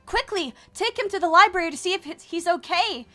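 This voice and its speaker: A man's voice: very high voice, lively intonation, fairly quick, pushed and bright, faint music behind, voice pushed up, exaggerated voice. A man reading aloud and voicing an earnest, easily flustered young female pony.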